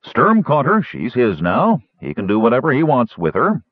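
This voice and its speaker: A man's voice: mid-range voice, wildly swooping pitch, normal speed, husky, no room sound, pitched above the performer's own voice. A man voicing a blunt, commanding middle-aged herd leader, on a dull lo-fi recording.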